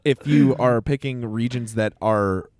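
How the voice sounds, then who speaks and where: A man's voice: mid-range voice, unhurried, a little mellow, no room sound. Laid-back podcast guy, dry mic. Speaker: podcast co-host. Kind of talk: casual chat.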